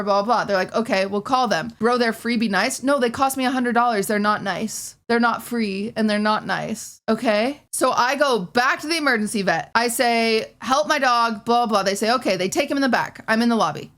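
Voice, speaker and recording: A young woman rushes through a frustrated story in a casual rant, slightly high-voiced and quick. She swears freely and slips into quoting other people as she goes. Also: a bit bright. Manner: fast, exasperated, swearing, acting out quoted dialogue. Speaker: streamer telling a personal story.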